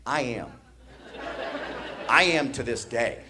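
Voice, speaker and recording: A man's voice: medium pitch, lively intonation, takes it slowly, crowd noise, noisy background. A man from the American Midwest doing stand-up comedy, telling a story with laughter and sound effects on a comedy stage.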